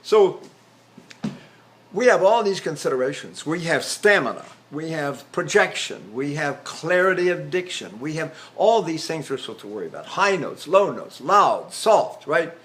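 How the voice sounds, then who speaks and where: A man's voice: fairly high pitch, very animated, normal speed, a bit bright. A man in his eighties, a voice teacher, giving a chatty lecture on vocal technique and breaking into sung examples. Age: 80s.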